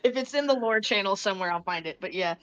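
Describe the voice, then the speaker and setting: A woman's voice: mid-range voice, animated, fast talker. A woman talking casually as a player in a tabletop game, chatty and full of fillers. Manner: chatty, lots of "like" fillers, laughs often. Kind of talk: tabletop role-play chat. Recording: slightly dull, lo-fi sound.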